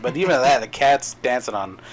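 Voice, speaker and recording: A man's voice: mid-range voice, expressive, brisk, poor audio. A man co-hosting a casual comedy podcast, laid-back and self-mocking, swearing freely. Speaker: podcast co-host. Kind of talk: casual chat.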